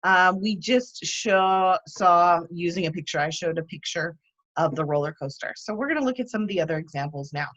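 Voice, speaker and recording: A woman instructor giving a demo lesson on teaching vocabulary, explaining each step clearly and patiently. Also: on the low side, moderate pace, a bit bright, dull audio. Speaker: TESOL instructor.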